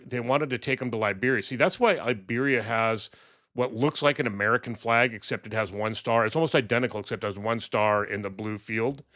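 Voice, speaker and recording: Male vlogger venting political commentary: exasperated, scornful, swearing, halting with fillers, mid-range voice. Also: medium pitch, fairly bright tone. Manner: exasperated, mocking, swears, many ums and restarts. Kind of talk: ranting political commentary vlog.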